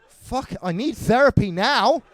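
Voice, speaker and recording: High-voiced scattered English comedian. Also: male voice. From England. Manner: rapid, scattered, self-mocking, swears a lot. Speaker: stand-up comedian. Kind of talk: stand-up set. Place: comedy club stage.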